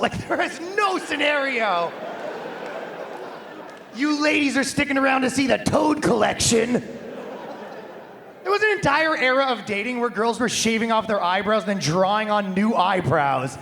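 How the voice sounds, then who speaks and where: A man's voice: very high voice, lively intonation, normal speed, background noise. A man doing a stand-up comedy set on a live stage, brash, crude and conversational, into a handheld microphone.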